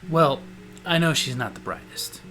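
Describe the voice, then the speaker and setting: A man's voice: on the high side, lively intonation, moderate pace, bright, forceful tone, faint music behind. A man voicing his laid-back friend, speaking in an offhand, shrugging way.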